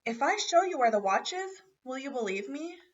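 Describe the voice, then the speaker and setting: A woman's voice: high-pitched, very animated, normal speed, pitched above the performer's own voice. Woman putting on a bold, impatient boy mouse. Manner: indignant, businesslike. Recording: dull, distant home recording.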